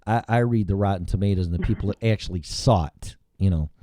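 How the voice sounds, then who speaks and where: A man's voice: deep voice, quick pace, mellow, no room sound, studio quality. A man hosting a morning talk show in casual, rambling chat, blunt and full of profanity.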